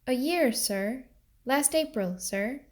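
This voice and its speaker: A woman's voice: sits high, animated, slow pace, a little mellow, voice pushed up. A woman voicing a timid but proud young mill girl in a storybook reading, speaking deferentially. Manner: hesitant, deferential, then defiant.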